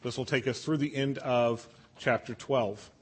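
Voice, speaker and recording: A man's voice: mid-range voice, steady tone, unhurried, breathy edge. A man leading an evening Bible study class, explaining scripture conversationally and asking the group questions. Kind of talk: casual Bible class teaching.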